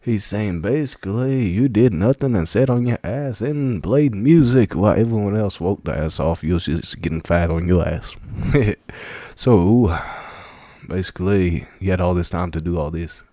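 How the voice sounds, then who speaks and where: Brief: low-voiced man in a dry, close recording, casual reaction talk full of fillers and laughs. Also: animated, normal speed, mellow, dry recording. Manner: rambling, many fillers, laughs often. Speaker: video reactor.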